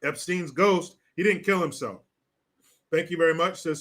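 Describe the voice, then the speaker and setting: A man's voice: on the high side, moderate pace, fairly bright tone, slightly rough. A man hosting a casual livestream, reading viewer comments in a crude, mocking way and laughing often.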